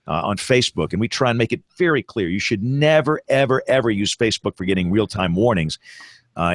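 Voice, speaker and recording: Low, emphatic male host. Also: no echo. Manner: emphatic, advice-giving. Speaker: broadcast meteorologist host. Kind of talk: casual panel talk.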